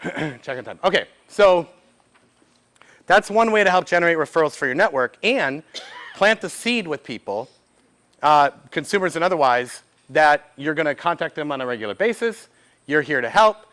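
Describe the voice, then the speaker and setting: High-voiced man giving a workshop talk. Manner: lively, quotes made-up dialogue with audience questions. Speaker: speaker at a business event. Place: event room before an audience.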